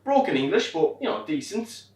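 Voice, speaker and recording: A young Irish man performing a wry comic monologue on a theatre stage, swearing and animated as he tells a story. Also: high voice, normal speed. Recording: roomy stage from far off.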